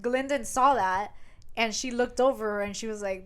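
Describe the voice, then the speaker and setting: A young woman co-hosting a casual podcast, recapping a book in animated, crude chat and acting out the characters' lines. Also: fairly high pitch, normal speed. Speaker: podcast co-host.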